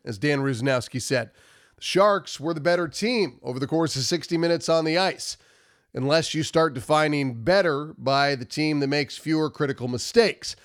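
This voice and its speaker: A man with a nasal voice from a cold, giving emphatic, repetitive post-game hockey analysis. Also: a little high. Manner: emphatic, repetitive, stumbles over words. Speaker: hockey commentary host.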